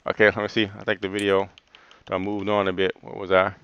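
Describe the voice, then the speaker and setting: A man's voice: deep voice, monotone, fast, clear, resonant tone, highs cut off. A man hosting a livestream and answering live comments in a loose, rambling way, laughing often and saying "man" a lot. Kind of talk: casual livestream chat.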